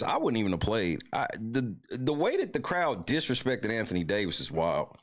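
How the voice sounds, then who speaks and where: A man's voice: on the low side, very animated, fairly quick. A man hosting a live stream, ranting and cursing in frustration about a basketball loss. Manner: profane, frustrated, swings from mutters to shouts. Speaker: livestream host. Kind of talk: casual live-stream rant.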